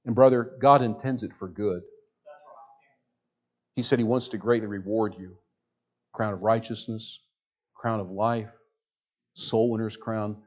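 A man preaching a sermon as pastor in a church, reading scripture slowly and swinging from loud emphasis to near-hushed speech. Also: on the low side, steady tone. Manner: reads scripture slowly and deliberately. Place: church sanctuary with a sound system.

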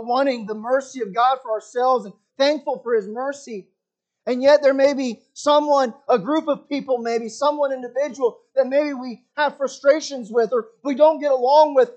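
A man preaching a sermon, reading scripture and swinging between loud emphasis and quiet, dropped phrases. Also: high-pitched. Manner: dramatic preaching, rising and falling sharply in volume. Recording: muffled lo-fi recording.

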